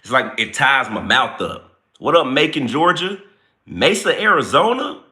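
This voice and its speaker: A man hosting a casual livestream, chatting playfully and greeting viewers by name in relaxed, informal speech. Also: mid-range voice, normal speed. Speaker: livestream host greeting chat.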